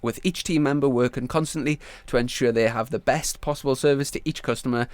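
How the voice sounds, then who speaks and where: A man hosting a podcast in a loose, chatty way, full of fillers and restarts. His pitch sits in the middle for a man, and the recording is dry and close. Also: fast, a little mellow, clear, resonant tone, no room sound. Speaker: podcast host. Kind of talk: casual chat and sponsor read.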